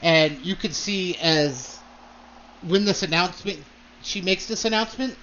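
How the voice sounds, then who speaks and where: A high-voiced man narrating as game master, slow and hesitant, with lots of fillers between his words. The sound is dull and lo-fi, with faint noise behind him. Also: a bit bright. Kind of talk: narrating a tabletop role-play.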